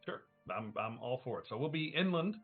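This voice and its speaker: A man's voice: medium pitch, animated, brisk, husky, faint music behind. A man hosting a tabletop game as game master, casually asking his players questions. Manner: easygoing, asks the table questions. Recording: tinny, phone-like stream audio.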